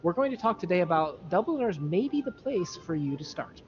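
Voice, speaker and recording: A man co-hosting a casual book discussion video, enthusiastic and quick with asides and laughter. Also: high voice, sing-song, soft background music. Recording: dull lo-fi audio with faint hiss.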